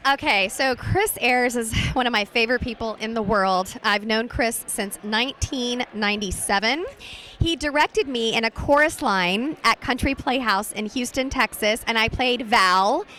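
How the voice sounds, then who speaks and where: A woman voice actress chatting in a bubbly, animated way during a convention interview. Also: on the high side, moderate pace. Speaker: voice actress guest. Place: busy convention floor.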